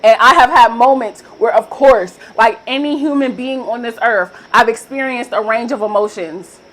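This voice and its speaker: High-voiced woman giving emphatic affirmations. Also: normal speed, a bit bright, low-quality recording. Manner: emphatic, repetitive affirmations with frequent profanity; casual, direct address to viewers. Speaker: manifestation coach. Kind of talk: motivational vlog talk.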